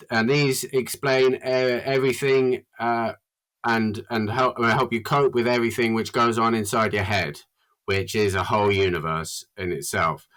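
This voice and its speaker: A man with a middle-pitched voice, speaking outdoors in a garden as a podcast guest. He halts and fills pauses with "uh" and "like", then bursts into emphatic points. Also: fairly bright tone, clean tone. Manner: halting, lots of fillers, then bursts of emphasis. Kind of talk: casual chat.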